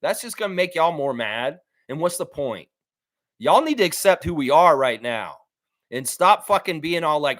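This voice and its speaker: A male sports streamer reacting live to his chat, blunt and animated, his pitch jumping up and down as he hammers his points home. His voice is fairly high for a man. The sound is dry and close, with no room echo. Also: moderate pace. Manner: blunt, animated, swears freely, repeats himself for emphasis.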